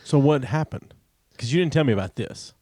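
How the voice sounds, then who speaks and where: A man co-hosting a podcast in casual chat, relaxed and quick to laugh, with a lot of ums and restarts. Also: mid-range voice, slightly rough, no echo, studio quality. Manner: laid-back, easily amused, hesitant with many ums. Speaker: podcast co-host.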